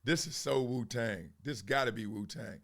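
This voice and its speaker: A man's voice: mid-range voice, normal speed, vocal fry. A man hosting a sports commentary show, talking loosely with slang and frequent laughs. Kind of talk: casual monologue turning into a rap.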